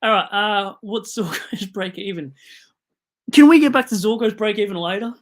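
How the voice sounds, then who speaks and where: Young Aussie bloke, live-stream host, hyped, rambling, sudden loud bursts. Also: male voice, sits high, moderate pace. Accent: Australian. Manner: excitable, digressive, swings from loud bursts to mumbling asides. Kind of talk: casual live-stream chat.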